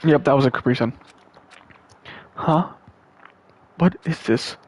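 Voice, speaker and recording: A man's voice: medium pitch, takes it slowly, a little hiss or hum. Swearing young man gamer. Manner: crude swearing reactions. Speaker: let's play gamer. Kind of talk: reading game dialogue and commenting.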